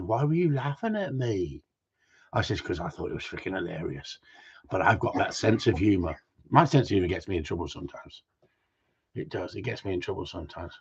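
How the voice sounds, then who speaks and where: A man with a husky, low voice rants bluntly through a casual livestream, dropping mild swear words as he goes. He talks as a gundog trainer. The sound is dull and lo-fi.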